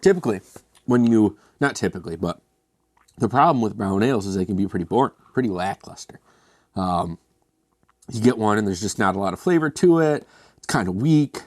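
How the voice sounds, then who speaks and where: A man's voice: on the low side, lively intonation, brisk, darkish tone, dry recording, studio quality. A man hosting a casual beer review, chatty and self-mocking with rambling asides.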